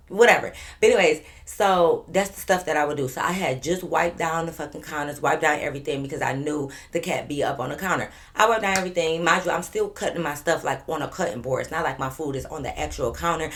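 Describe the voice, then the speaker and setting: Low-voiced young woman telling a story. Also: a bit bright. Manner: profane, chatty, emphatic storytelling. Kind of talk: casual storytime vlog.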